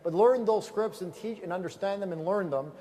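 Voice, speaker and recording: A man giving a motivational seminar talk to a live audience, telling lively stories and asking the room questions. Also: high-pitched, a little fast. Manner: energetic storyteller, asks the audience questions. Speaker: business trainer.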